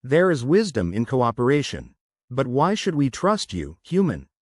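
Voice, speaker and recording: A man voicing an ancient, cautious alien planet intelligence, gravelly and slow. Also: mid-range voice, huge pitch swings, no echo, studio quality. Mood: solemn. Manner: slow, measured.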